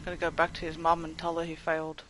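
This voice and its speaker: A young man chatting casually to his viewers during a game livestream, excitable and swearing often. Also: fairly high pitch, fast talker, slight background noise, low-quality recording. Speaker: gaming livestreamer. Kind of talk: casual live commentary to chat.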